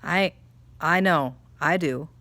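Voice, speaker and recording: Brief: a mother vlogging slowly and warmly animated, in a dry room. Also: deep voice, no echo. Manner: animated storytelling, laughs often. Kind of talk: casual chat, spiritual reflection.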